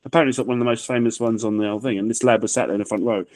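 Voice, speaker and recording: Fast-talking man telling stories. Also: fairly low pitch, dry recording. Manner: animated anecdote-telling with acted-out quotes. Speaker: comedian guest. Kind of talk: casual chat, storytelling.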